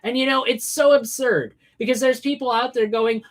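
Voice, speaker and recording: A woman livestreamer rants about current events with plenty of profanity. Her voice sits on the high side, and her delivery is emphatic and heated. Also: moderate pace, hardly any pauses. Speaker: livestream host. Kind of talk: ranting political commentary.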